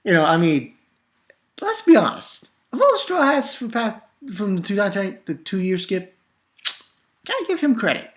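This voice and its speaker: A woman casually reviewing a manga chapter on video, excitable and profane, rambling with restarts. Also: medium pitch, moderate pace.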